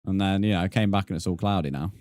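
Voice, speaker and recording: Low-voiced streamer chatting with viewers. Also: male voice, very fast, darkish tone, no echo, clean studio sound. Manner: chatty, reads and answers chat messages, laughs often. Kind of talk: casual live-stream chat.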